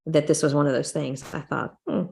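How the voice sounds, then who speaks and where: A woman's voice: low voice, steady tone, brisk, gravelly, darkish tone. A woman co-hosting a casual faith-based talk show, telling stories in a rambling way with repeated words and acted-out quotes. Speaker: podcast co-host. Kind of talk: casual chat.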